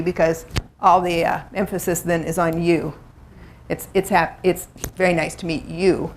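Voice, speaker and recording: A woman's voice: lowish voice, normal speed. Woman, middle-aged, workshop presenter, conversational, acts out quotes. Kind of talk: live seminar talk to a room.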